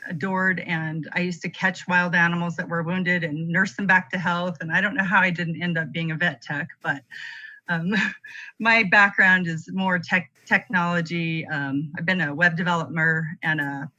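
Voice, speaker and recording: A woman introducing herself on a group call, friendly and halting with lots of fillers. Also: fairly low pitch, steady tone, bright, forceful tone, muffled recording. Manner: friendly, hesitant with many fillers. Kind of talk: casual self-introduction.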